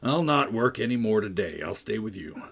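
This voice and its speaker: A man's voice: sing-song, normal speed, fairly bright tone, heavily acted. Heathcliff: a man doing a sullen, brooding farm boy. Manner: gruff, sullen, low-spoken. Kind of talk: audiobook character voice.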